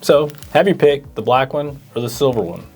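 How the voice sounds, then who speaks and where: A man's voice: medium pitch, lively intonation, normal speed, darkish tone, breathy edge, faint music behind. A man co-hosting a parts store Q&A, reading viewer questions and often stammering through fillers. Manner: hesitant, stammering with many fillers. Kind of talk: casual Q&A chat.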